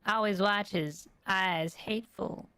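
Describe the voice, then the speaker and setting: A skittish little opossum creeps through clipped, broken phrases, slow and wary, as a man puts him on. The voice is raised above his usual, and it sits close and dry against the mic. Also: sits high, pushed and bright, smooth, no room sound, pitched above the performer's own voice, heavily acted. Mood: fearful, terse. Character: small frightened male opossum, broken speech.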